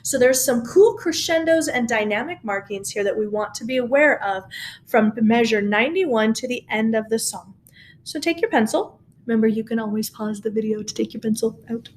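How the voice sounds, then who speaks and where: A woman's voice: on the high side, lively intonation, moderate pace, slight background noise. A woman teaching a recorded choir lesson at home by her piano, patient and encouraging as she talks students through the score. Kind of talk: recorded music lesson, speaking and singing along. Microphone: camera mic.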